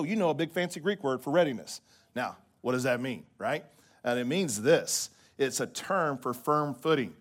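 At normal speed and medium pitch, a pastor delivers a spirited sermon to his congregation. He now and then goes soft and quiet for emphasis, and regularly asks "right?"

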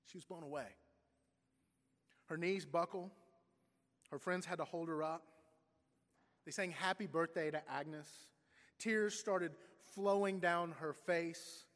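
Pastor, male, slightly high voice, storytelling sermon with brief voiced quotes, long church reverb. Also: takes it slowly, long pauses, fairly bright tone.

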